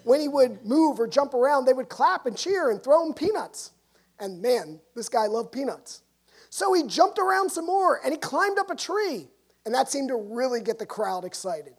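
Woman pastor, mid-high voice, storytelling sermon with wide dynamic swings. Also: moderate pace, husky. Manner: storytelling, swings from hushed to lively. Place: church.

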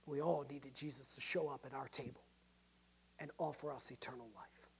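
A woman pastor giving a sermon, telling a story and shifting from hushed to lively. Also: a bass voice, moderate pace, creaky, a little hiss or hum. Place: church.

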